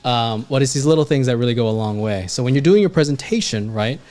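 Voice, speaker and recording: Expressive and quick, this medium-pitched male voice has a slightly mellow quality. The speaker, an art instructor and designer, teaches on a livestream in a casual, blunt way, swearing freely, using fillers like "you know what I mean," and rambling emphatically with frequent restarts.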